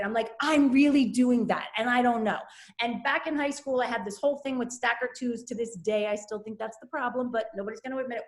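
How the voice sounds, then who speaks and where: A middle-aged woman telling a candid personal story with animated energy, acting out the voices of people she quotes. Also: a little high, roomy sound.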